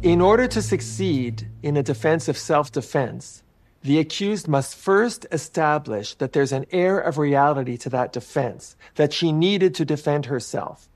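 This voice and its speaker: A man's voice: on the high side, animated, a little slow, darkish tone. A man explaining a legal rule precisely in an interview as a legal expert.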